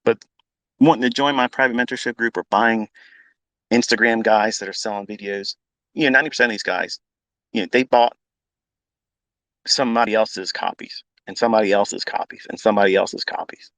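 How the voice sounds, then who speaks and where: A man's voice: lowish voice, a little fast, long pauses, fairly bright tone, no echo, rough recording. A man teaching trading as a mentor, ranting bluntly with heavy swearing and repetition. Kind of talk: unscripted profane rant.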